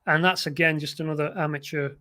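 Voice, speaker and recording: Male livestream tutor, slightly raised pitch, conversational critique, chuckles now and then. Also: steady tone, fast, pushed and bright. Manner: conversational, frequent restarts, occasional chuckles. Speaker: design educator hosting a livestream.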